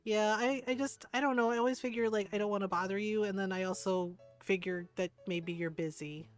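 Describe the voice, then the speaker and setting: A woman's voice: medium pitch, a little fast, soft background music. Giggly, rambling middle-aged woman streamer. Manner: rambling and giggly, laughs often. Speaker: game streamer. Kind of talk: casual livestream chat.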